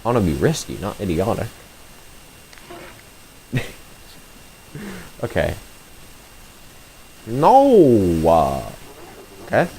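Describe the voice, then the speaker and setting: A male streamer commentates his gameplay live and reacts loudly and excitably, swearing freely. He talks at a very slow, drawn-out pace, but his pitch swings widely. There is faint background noise. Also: creaky. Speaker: game streamer.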